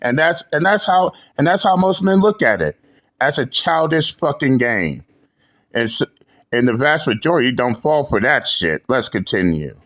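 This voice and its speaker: A man's voice: mid-range voice, expressive, moderate pace, fairly bright tone. A man hosting a reaction show, commenting bluntly with frequent swearing and repeated phrases. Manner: blunt, profane, repeats himself. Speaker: show host reacting to clips.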